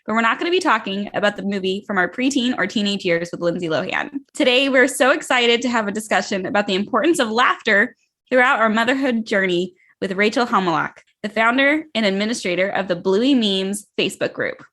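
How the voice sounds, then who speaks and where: A woman's voice: mid-range voice, expressive, brisk, fairly bright tone. A woman co-hosting a podcast, reading an upbeat introduction of a guest. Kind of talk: scripted intro then casual chat.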